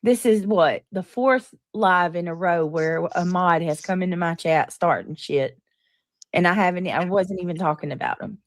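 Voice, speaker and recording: A woman's voice: lowish voice, normal speed, no room sound, clean studio sound. A woman hosting a live-stream chat, talking in an indignant, profane way and repeatedly demanding answers. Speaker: livestream host.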